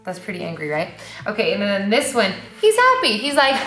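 A young woman leading a preschool church Bible lesson, sing-song and animated, asking the kids questions. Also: mid-range voice, a little fast. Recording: roomy echo with faint music.

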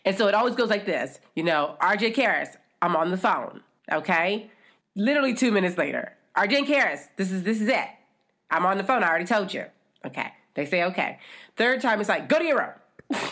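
A woman co-hosting a podcast, telling stories in an animated, teasing way and acting out what others say. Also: mid-range voice, fairly quick. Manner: animated, teasing storyteller who acts out quotes. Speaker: podcast co-host. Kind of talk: casual chat.

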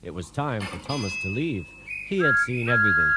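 A man narrating a children's storybook in an expressive, animated way, with music behind. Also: on the low side, a little fast, very noisy.

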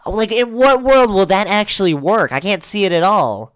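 A young man giving crude, sarcastic comedic commentary as a YouTuber, often breaking into loud mock voices. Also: sits high, animated, normal speed, hardly any pauses, clean tone.

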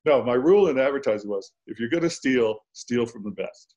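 A man's voice: medium pitch, lively intonation, fairly quick, darkish tone, highs cut off. An older American man, a guest author, chatting casually in an interview and telling anecdotes with easy laughs. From United States. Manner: laughs easily, anecdotal storytelling.

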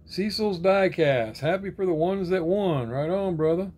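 A man chats in a relaxed, rambling way, reading out names and comments and replying to each. His voice sits a little on the high side. He keeps tossing in easygoing, friendly sign-offs. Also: unhurried, slightly rough. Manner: laid-back, rambling, reads comment names then answers; repeats friendly sign-offs like "right on, brother". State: sore arm and shoulder. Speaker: diecast collector reading viewer comments. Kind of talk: casual chat.

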